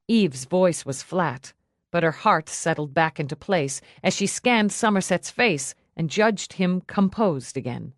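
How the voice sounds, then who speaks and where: A woman narrating an audiobook in a steady, scripted storytelling style on a close mic. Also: lowish voice, unhurried, no echo.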